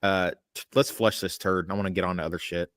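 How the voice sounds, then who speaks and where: A man with a lowish voice hosts a loose podcast chat over a remote call. He rambles, swears a lot and gives his opinions bluntly. The sound is close and dry, with no room around it. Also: fairly even intonation, quick pace, a bit bright, clear, resonant tone, no room sound. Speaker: podcast host. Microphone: remote call mic.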